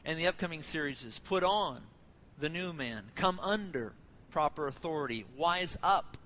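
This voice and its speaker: A man's voice: a little high, animated, normal speed, sharp tone, a little hiss or hum, low-quality recording. A man in his thirties preaching a sermon as a pastor, conversational and joking, telling family stories.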